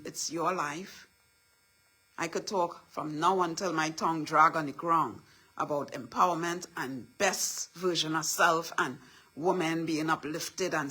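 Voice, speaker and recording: A middle-aged woman, giving a motivational talk in a husky voice with repetitive affirmations and a preachy manner. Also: sits low, sharp tone. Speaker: motivational speaker.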